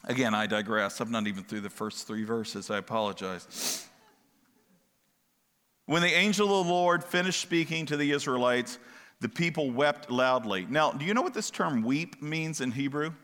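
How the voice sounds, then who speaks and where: Bright-voiced pastor preaching in a reverberant hall. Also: male voice, medium pitch, moderate pace. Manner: conversational, asks the congregation questions, digresses. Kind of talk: sermon.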